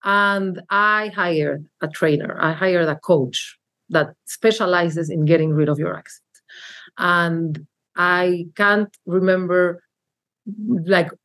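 A woman from Mexico with a Mexican Spanish accent, talking earnestly and reflectively as an interview guest, with frequent fillers and restarts. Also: fairly low pitch. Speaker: marketing executive guest. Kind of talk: candid interview conversation.

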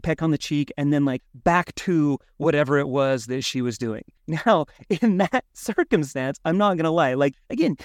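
A man co-hosting a podcast in casual chat, telling stories with lively acted-out asides. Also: a little high, dry recording, studio quality. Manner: animated storyteller, acts out his own thoughts. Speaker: podcast co-host.

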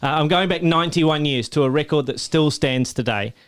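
A man's voice: on the high side, a little fast, slight background noise. A man co-hosting a casual podcast, telling a story with enthusiasm, correcting himself as he goes. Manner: enthusiastic, stat-heavy, self-correcting. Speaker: podcast co-host.

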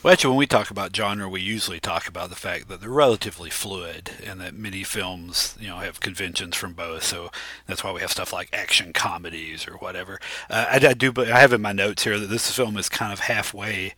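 A man's voice: sits low, fairly even intonation, fairly quick, bright, forceful tone, dry recording. A man who teaches film, sharing analytical, lecture-like points in a casual podcast chat.

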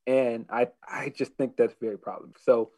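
A man co-hosting a casual wrestling discussion podcast, talking in hesitant restarts and fillers that turn animated when he gives his opinion. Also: medium pitch, a little fast, low-quality recording. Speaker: podcast co-host.

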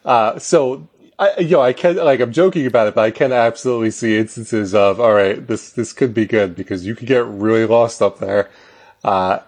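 A man's voice: lowish voice, moderate pace, a little mellow. A man as a podcast guest, talking in a rambling, self-deprecating way. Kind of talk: casual chat.

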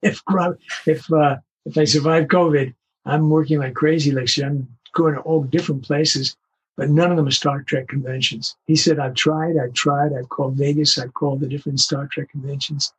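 An older man, a veteran voice actor, telling stories in an interview with lively acted-out quotes. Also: on the high side, normal speed, husky, poor audio. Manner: animated anecdotes, acts out quoted voices. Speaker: voice actor guest. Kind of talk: storytelling interview.

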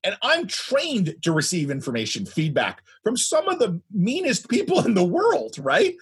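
A man in his fifties, a guest telling a story in a loud, animated way. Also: high-pitched, normal speed, breathy edge. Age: 50s. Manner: animated, speaks loudly. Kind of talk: anecdotal storytelling.

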